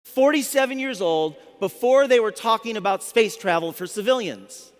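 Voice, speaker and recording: High-voiced man telling stories in a hall. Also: normal speed. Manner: animated storytelling, restarts words often. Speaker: motivational speaker. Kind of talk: storytelling talk to a live audience. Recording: long hall reverb.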